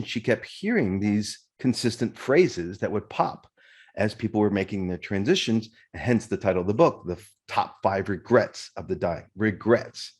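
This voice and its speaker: A man hosts a podcast interview in a low voice. He reflects sincerely on what his guest said and speaks directly to his listeners. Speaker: podcast host.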